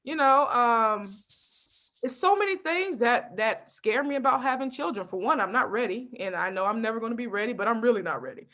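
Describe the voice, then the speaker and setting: A young adult woman doing a stand-up comedy set, telling lively stories with constant asides to the crowd. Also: a little high, moderate pace. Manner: lively storytelling with frequent asides and laughs.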